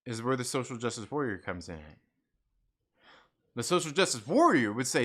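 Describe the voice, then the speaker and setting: A man's voice: medium pitch, big pitch swings, moderate pace, fairly bright tone. A man hosting a live stream, ranting casually and rambling with lots of fillers, frequent laughs and swearing. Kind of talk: casual opinion rant.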